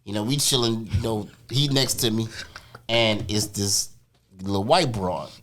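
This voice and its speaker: A man's voice: lowish voice, unhurried. A man telling a club story as a guest on a casual podcast, stammering and restarting as he goes. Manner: lively, stammering restarts, lots of backchannel agreement.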